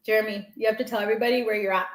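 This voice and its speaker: A woman's voice: medium pitch, fairly even intonation, rapid-fire. A woman hosting a livestream in casual chat, playful and teasing, often laughing. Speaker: livestream host. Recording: roomy echo.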